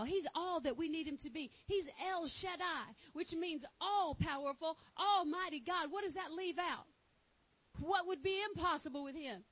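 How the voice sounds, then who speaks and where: A woman's voice: very high-pitched, poor audio. A woman with a Texan accent preaching a fervent sermon, exclaiming and reading scripture aloud. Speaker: pastor.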